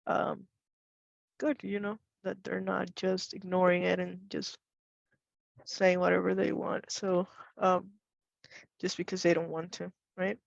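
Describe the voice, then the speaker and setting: A woman's voice: fairly low pitch, level tone, measured pace, gravelly, pauses often, no echo. A woman facilitating a webinar over a video call, chatty and encouraging, with many affirming murmurs. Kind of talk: casual webinar discussion. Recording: dull, dry video call audio.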